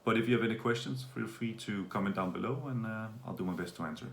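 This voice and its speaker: This Danish man is a vlogger and a fast talker, rambling loosely and casually through a video update with lots of fillers. He has a low, gravelly voice, and the room around him is echoey with a faint background hum.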